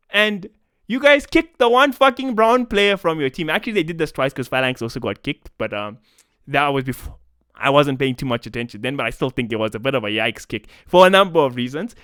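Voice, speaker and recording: Young south african guy ranting on his vlog, swears a lot, high-pitched, super dry mic. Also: fairly bright tone, clear, resonant tone, no echo. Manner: profane, ranting, casual slang. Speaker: esports commentator. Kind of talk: heated commentary vlog.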